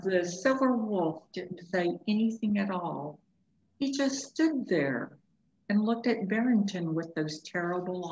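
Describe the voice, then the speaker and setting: A woman teacher reading a storybook aloud in a slow, expressive way for a lesson. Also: on the low side. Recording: echoey room, dull lo-fi sound.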